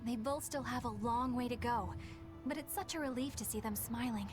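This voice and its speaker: A woman's voice: on the high side, moderate pace, music in the background, close to an everyday voice. An actress playing an earnest, polite young woman exorcist in a video game.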